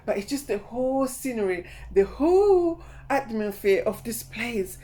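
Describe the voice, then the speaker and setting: A middle-aged woman vlogging casually about a trip, animated and laughing as she acts out her own reactions. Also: a little high, measured pace. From lives in London. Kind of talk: casual travel vlog chat.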